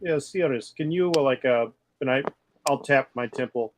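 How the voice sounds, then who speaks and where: Male player, halting with fillers, slight noise behind him. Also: mid-range voice, poor audio. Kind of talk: casual tabletop game chat.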